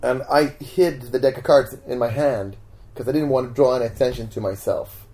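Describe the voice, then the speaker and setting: A man of middling pitch tells a story in a relaxed interview at home. He is animated and jumps into the voices of the people in his tale. His delivery stays casual and chatty. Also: a little fast. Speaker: magician guest.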